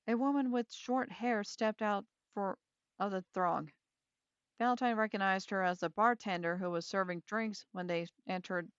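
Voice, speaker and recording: A woman's voice: mid-range voice, clean tone, no echo, muffled recording. A woman reading a mystery novel aloud, with casual chatty asides to her listeners. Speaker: reader.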